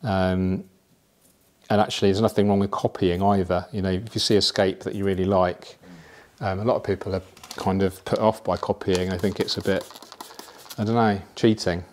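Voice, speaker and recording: A man casually explaining how he plants an aquarium, chatty and relaxed, with frequent fillers and asides. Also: low voice, moderate pace. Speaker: aquascaping presenter.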